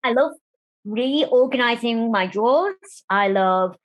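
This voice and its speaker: On an interview show, a German guest who campaigns for disability rights tells her life story openly and with plenty of animation. Her voice is fairly high and slow-paced, captured with lo-fi sound. She's talkative and mimics the voices of people she quotes.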